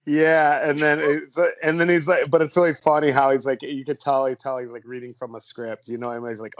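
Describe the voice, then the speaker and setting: A man's voice: medium pitch, little pitch movement, fairly quick, hardly any pauses, no room sound. A laid-back man co-hosts a casual podcast in an amused way. His voice sits in a middle range, in dry, slightly muffled audio. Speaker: podcast co-host.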